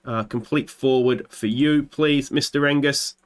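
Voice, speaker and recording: In his gameplay commentary for a football management let's play, an Australian man narrates the match commentator-style, erupting into excited shouts when big moments hit. He speaks a little slowly in a clean, mid-range voice.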